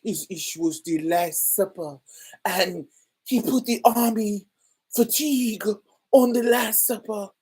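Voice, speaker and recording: A woman's voice: medium pitch, takes it slowly, warm tone, breathy edge, voice pushed up. A woman voicing a gushing female art critic with a foreign accent, full of rapturous praise.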